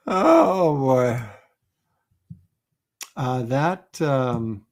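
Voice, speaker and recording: A man's voice: mid-range voice, expressive, extremely slow. A middle-aged man hosting a casual livestream, rambling and chuckling as he reads viewer comments aloud. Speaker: livestream host.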